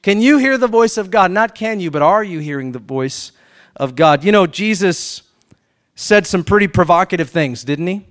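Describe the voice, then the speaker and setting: A man preaching a sermon as pastor, animated, acting out questions and answers, swinging between loud emphatic peaks and quiet asides. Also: high voice, moderate pace.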